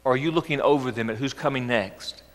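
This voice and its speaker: A man's voice: mid-range voice, quick pace. Male pastor, sermon, earnest coaxing delivery, rhetorical questions, echoey church hall. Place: church sanctuary.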